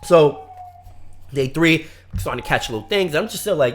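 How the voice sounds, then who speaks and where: A young man from Brooklyn, co-hosting a casual podcast and telling a long, profane story with big swings between low mutters and loud outbursts. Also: lively intonation, normal speed. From Brooklyn, New York.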